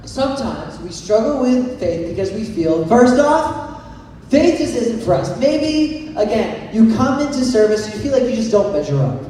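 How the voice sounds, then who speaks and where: Young guy youth pastor joking around, highish mellow voice, big echoey hall, sounds far off from the mic. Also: very animated, moderate pace, slight background noise. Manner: playful, joking, asks audience to raise hands. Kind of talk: youth sermon with storytelling. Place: large hall with an audience.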